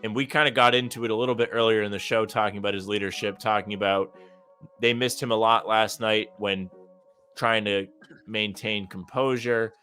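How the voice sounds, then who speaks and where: A young man co-hosting a live sports talk show, talking in a calm, measured way with dry teasing. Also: on the low side, faint music behind. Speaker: podcast co-host.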